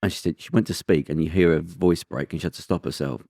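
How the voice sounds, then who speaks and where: A man hosting a casual podcast chat, telling rambling, emphatic stories in an animated way. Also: deep voice, fast, hardly any pauses, dry recording, studio quality. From Britain. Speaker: podcast host.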